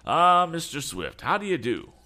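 A smooth-talking stranger, polished and ingratiating, his voice raised and swinging widely in a storybook as a male narrator puts him on. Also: on the high side, sing-song, moderate pace, sharp tone, voice pushed up, heavily acted. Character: smooth-talking male visitor, suave and evasive.

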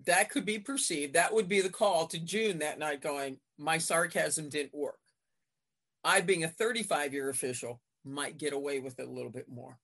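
A woman in her fifties, a veteran basketball referee, chatting in an interview and acting out her exchanges with coaches in lively retellings. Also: low-pitched, normal speed. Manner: animated storyteller acting out court exchanges. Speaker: basketball referee, podcast guest. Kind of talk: casual interview chat.

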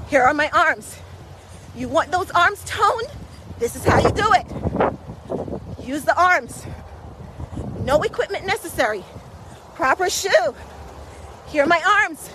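A woman with a very high voice walks through a park while pacing her listeners. She talks slowly and deliberately, repeating encouraging cues, and sounds a little breathy from moving. Faint outdoor noise sits behind her voice. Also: animated, pushed and bright, poor audio. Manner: encouraging, repetitive coaching cues. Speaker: walking pace coach. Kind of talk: motivational workout vlog while walking.

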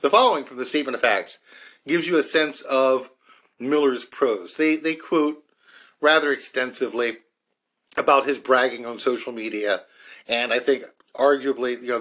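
A man's voice: medium pitch, normal speed, a bit bright. A man hosting a podcast, walking listeners through a court case and reading from legal documents, with frequent restarts and fillers. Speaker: podcast host. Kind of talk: explanatory legal commentary.

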